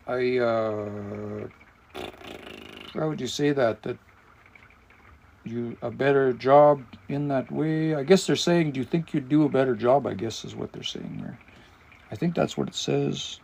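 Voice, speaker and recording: A man leads a live language lesson, his voice gravelly with fry. He talks things through out loud, stopping now and then to find the right word while he explains the grammar. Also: medium pitch, a little slow, long pauses. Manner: thinking aloud, explanatory, searching for words. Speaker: language teacher and livestream host.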